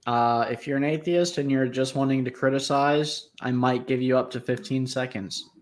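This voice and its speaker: A man's voice: medium pitch, fairly even intonation, moderate pace. A man co-hosting a casual live stream, making teasing wisecracks at the others.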